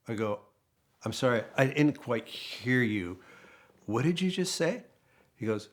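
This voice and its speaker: A man's voice: medium pitch, a little slow. An older man, a former car dealership manager, telling a story casually and acting out the dialogue as he goes. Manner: animated storytelling, acts out quoted dialogue. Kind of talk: casual anecdote.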